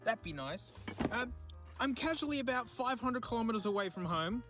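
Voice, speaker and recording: A man's voice: very high voice, animated, moderate pace, bright, forceful tone, faint music behind. An Australian man chatting casually outdoors in remote bushland, joking and talking to the things he finds as he goes. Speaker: streamer. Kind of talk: casual vlog chat.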